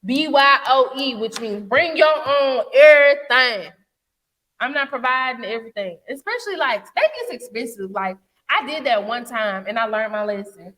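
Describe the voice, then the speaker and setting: A woman's voice: a little high, moderate pace, big-room sound. A young woman, co-hosting a podcast in casual chat, blunt and profane as she rants. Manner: blunt, profane, animated ranting. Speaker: podcast co-host.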